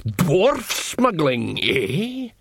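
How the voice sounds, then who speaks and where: A man doing a slow, officious troll guard. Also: a little high, wildly swooping pitch, gravelly, fairly bright tone, husky, no echo, studio quality, voice pushed up, exaggerated voice. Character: large, dim, officious male troll.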